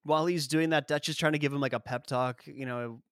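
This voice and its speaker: Joking movie-review host, slightly high voice. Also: male voice, steady tone, fairly quick, no room sound, clean studio sound. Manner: joking, rambling, laughs often. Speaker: podcast host. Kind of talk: casual movie review chat.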